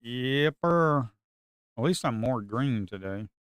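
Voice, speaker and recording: A man, commenting live on his own futures trades. He swings from shouting at the market to muttering to himself. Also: medium pitch, expressive, takes it slowly, smooth, no echo, clean studio sound. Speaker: live trading streamer.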